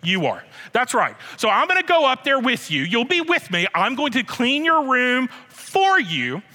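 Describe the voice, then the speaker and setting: A man's voice: very high-pitched, huge pitch swings, sharp tone. Emphatic male preacher in a reverberant hall. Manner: emphatic, slows and repeats key phrases. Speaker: pastor. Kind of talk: sermon.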